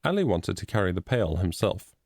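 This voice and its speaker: A man narrating a storybook chapter in a steady, expressive reading. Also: deep voice, a little fast, no room sound, studio quality. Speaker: audiobook narrator.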